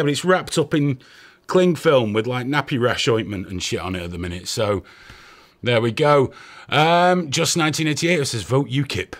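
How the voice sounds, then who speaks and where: A man's voice: a little high, fairly bright tone. A man hosting a live stream in casual, joking chat, swearing freely and out of breath from running around. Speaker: host.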